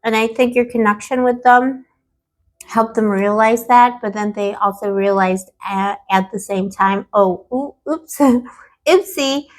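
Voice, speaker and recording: A woman reads tarot cards for her viewers, her voice hoarse and fading. She talks in an affectionate, playful way, slips in pet names and dramatic asides, and speaks at a middle pitch for a woman. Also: little pitch movement, unhurried. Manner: affectionate, calls the viewer boo-boo and baby. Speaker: tarot reader. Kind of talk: tarot card reading.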